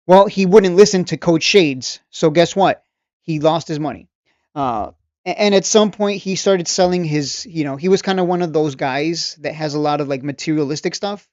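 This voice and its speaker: Speaking at a normal speed in a high, slightly mellow voice, a channel host who coaches stock traders gives a casual, ranting video monologue. He comes across as preachy and mocking, often repeating himself and starting sentences over. There's no room sound, and the dry recording is dull and a bit lo-fi.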